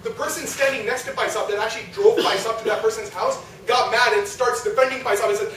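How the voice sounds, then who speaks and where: A man's voice: sits high, fairly even intonation, fast, hardly any pauses, a bit bright. A young man giving a religious talk to a youth audience, conversational and full of rhetorical questions. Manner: conversational, asks the audience, frequent rhetorical "right?". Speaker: lecturer. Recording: echoey hall from far off, noisy.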